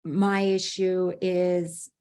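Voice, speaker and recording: A woman, a behavior analyst and interview guest, tells stories in a lively way with laughs between her words. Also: on the low side, drawn-out words, clean tone. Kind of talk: conversational interview.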